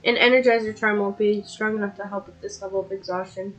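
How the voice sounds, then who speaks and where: A woman streamer who is sick and sounds rough, casually reading a game's narration and characters aloud with chatty asides. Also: medium pitch, fairly even intonation, fast, soft background music, poor audio. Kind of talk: live-streamed game reading.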